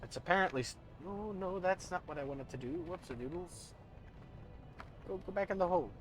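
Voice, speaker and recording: A man's voice: sits high, brisk. A young man streaming a video game, rambling through gear stats and joking about his own voice as he talks to chat. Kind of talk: casual gameplay commentary. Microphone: studio desk mic.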